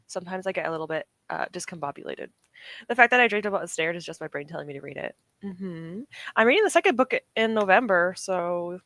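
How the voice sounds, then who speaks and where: A woman's voice: lowish voice, bright, forceful tone, no echo. A young woman from the UK chatting casually with her stream chat, rambling, laughing often and correcting herself. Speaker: streamer reading chat comments.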